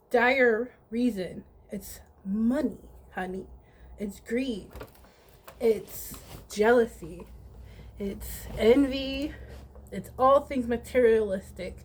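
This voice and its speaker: A woman's voice: a little high, a little mellow, a little hiss or hum. A woman giving a casual tarot reading in a blunt, sassy, profane way. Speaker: tarot reader.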